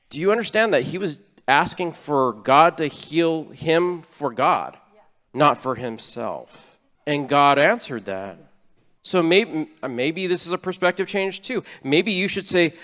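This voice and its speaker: A man's voice: a little high, expressive, measured pace, fairly bright tone, long reverb tail. A man preaching a sermon as a church elder, in an earnest, conversational way with frequent restarts. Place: church sanctuary.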